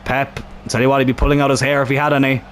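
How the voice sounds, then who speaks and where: A young man commentating his own football video game match, excitable and swearing at the screen, with a strained throat. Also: medium pitch, racing, a little hiss or hum.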